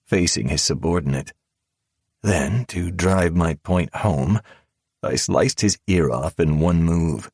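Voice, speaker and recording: A male narrator reads a first-person audiobook in a calm, measured drawl, his voice extremely deep and unhurried. The sound is husky, and the close studio recording is completely dry. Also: dry recording. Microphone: close studio mic.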